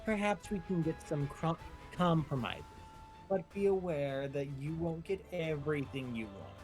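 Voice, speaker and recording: Brief: slick executive pushing a bad contract, voiced by a man, smooth patter, a little high. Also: moderate pace, a little mellow, faint music behind, close to an everyday voice. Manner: smooth salesman patter, calls people baby. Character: slick male business executive, pushy dealmaker.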